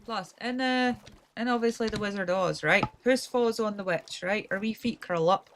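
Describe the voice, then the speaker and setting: A woman's voice: medium pitch, normal speed, fairly bright tone, slight background noise. A woman with a Scottish accent chatting casually while commentating her gameplay, rambling and self-deprecating. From Scotland. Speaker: gaming streamer.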